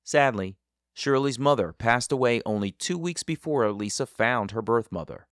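A man hosting an interview and narrating the story between clips, calm and measured. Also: medium pitch, dry recording, clean studio sound. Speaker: podcast host and narrator.

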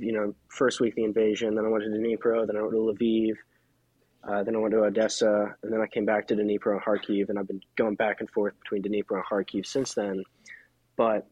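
A man's voice: lowish voice, darkish tone, breathy edge, no echo, low-quality recording. A man from the United States, a freelance journalist and podcast guest, speaking candidly and thinking aloud with restarts. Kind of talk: casual podcast conversation.

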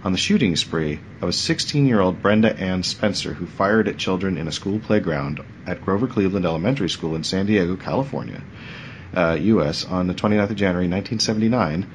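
A man in his forties with a deep voice talks fast as a podcast host in a casual chat, rambling, joking, and often trailing off. There's a little hiss or hum in the audio.

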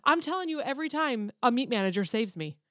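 A woman's voice: a little high, big pitch swings, fast, fairly bright tone, no room sound, clean studio sound. A woman co-hosting a podcast, telling self-deprecating stories in casual chat. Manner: chatty, self-deprecating storyteller. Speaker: podcast co-host.

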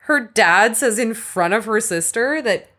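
A woman's voice: a little high, expressive, a little slow, bright, forceful tone. A woman co-hosting a casual film chat, frank and wry in her opinions. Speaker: podcast co-host. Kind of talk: casual movie discussion.

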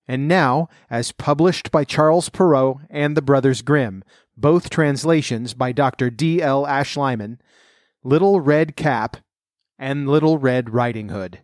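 A man narrating a fairy tale in a measured, clear storytelling voice. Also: medium pitch, no room sound, clean studio sound.

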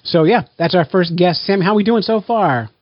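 A man hosting a blindfolded family taste test in a casual, playful way, counting down loudly before each bite. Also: high-pitched, moderate pace, no echo, muffled recording. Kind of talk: casual family vlog chat.

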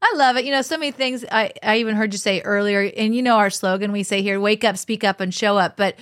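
A woman's voice: mid-range voice, quick pace, a bit bright, no echo. Enthusiastic woman co-host, dry sound. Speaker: talk show co-host. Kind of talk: political talk show interview.

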